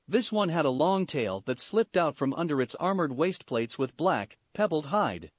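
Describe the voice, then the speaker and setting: A man reads fan fiction aloud with an animated, somewhat high voice. He keeps a steady narrating pace and now and then repeats a word. The sound is dry and close. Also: normal speed, no echo. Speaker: story reader.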